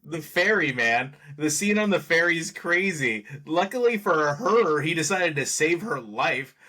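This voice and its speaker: A man's voice: on the high side, expressive, a little slow, sharp tone. A man co-hosting a podcast, chatting casually about a movie with a wry, sarcastic edge and frequent laughter. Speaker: podcast co-host. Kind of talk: casual movie review chat.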